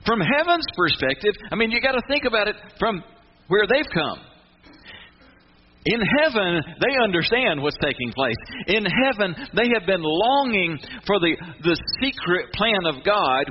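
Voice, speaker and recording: A pastor preaching a sermon retells a story with mounting fervor, building to near shouting and acting out the voices of angels and Mary. His voice is high and very animated, though unhurried. The recording is muffled.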